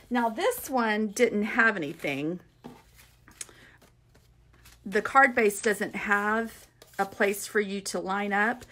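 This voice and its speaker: A woman's voice: mid-range voice, fairly bright tone. Chatty woman showing craft supplies. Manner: chatty and upbeat, many fillers and asides. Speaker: craft demonstrator. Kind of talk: casual tutorial walkthrough.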